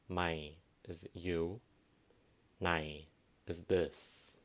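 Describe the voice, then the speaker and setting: Deep low guy teaching pronunciation, southwestern vietnamese accent, slow and careful, repeats each word. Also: flat delivery. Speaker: language teacher. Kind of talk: pronunciation lesson.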